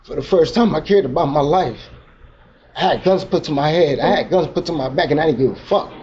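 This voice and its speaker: A man's voice: on the high side, fairly quick, darkish tone. A man telling his own recovery story at a meeting, in raw, emotional street talk full of slang. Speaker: recovery speaker. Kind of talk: personal testimony at a recovery meeting. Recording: dull lo-fi recording with faint noise.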